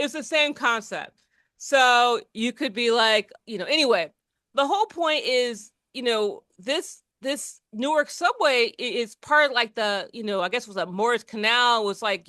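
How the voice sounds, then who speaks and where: Chatty podcast lady, kinda high bright voice, rambles and restarts a lot, dry close mic. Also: no echo. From New Jersey. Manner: rambling, many restarts and fillers, laughs often. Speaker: podcast co-host. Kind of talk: casual chat.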